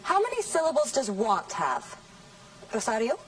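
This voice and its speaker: A woman teaching English in a scripted classroom lesson, saying model sentences slowly and carefully. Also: fairly high pitch, wildly swooping pitch, far from the mic, rough recording. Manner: slow, careful, over-articulated model sentences.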